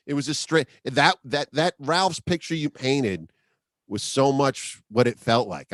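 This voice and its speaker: A man's voice: medium pitch, dry recording. A man hosting a podcast, chatting casually and reacting enthusiastically to his guest's stories. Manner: enthusiastic, encouraging listener. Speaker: podcast host. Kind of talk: casual interview chat.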